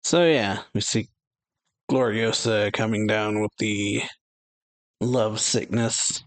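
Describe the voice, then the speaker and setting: A man hosting a reaction channel, casually reading and commenting on a manga chapter, relaxed and laughing often with loose fillers. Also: fairly low pitch, slow pace, dry recording.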